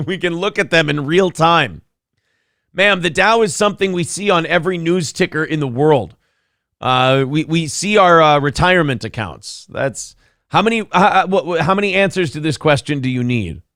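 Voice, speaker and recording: A man hosting a morning show, ranting loudly in a mocking, sarcastic way. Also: on the high side, animated, normal speed, dry recording, clean studio sound. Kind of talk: comedic political rant.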